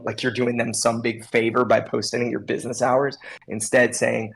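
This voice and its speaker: A man co-hosting a casual chat show, giving animated advice to hair stylists. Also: mid-range voice, normal speed, vocal fry, husky, poor audio. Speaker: podcast co-host.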